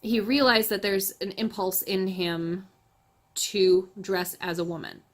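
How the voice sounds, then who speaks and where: A woman's voice: medium pitch, steady tone, a little slow. Chatty woman reviewing books. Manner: chatty, laughs often, self-correcting. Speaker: book reviewer, channel host. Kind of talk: casual book review chat.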